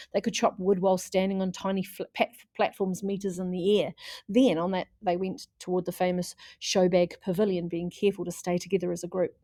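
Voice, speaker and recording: A woman reading a children's chapter book aloud in a lively way, putting on voices for the characters. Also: lowish voice, no room sound, clean studio sound. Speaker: audiobook reader.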